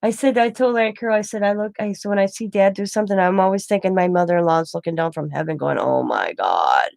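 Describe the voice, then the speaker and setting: A middle-aged woman chats casually at a middle pitch, rambling through a family story and acting out what everyone said. Her voice is recorded dry and close, with no room sound around it. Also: fairly even intonation, quick pace, a little mellow, no room sound. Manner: rambling storytelling with quoted dialogue. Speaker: craft channel host. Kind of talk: casual chat to camera.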